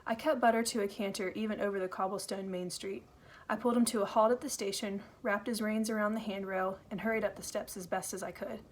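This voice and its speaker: A woman reading a first-person novel aloud, in an earnest, steady storytelling manner. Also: medium pitch, fast. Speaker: audiobook reader.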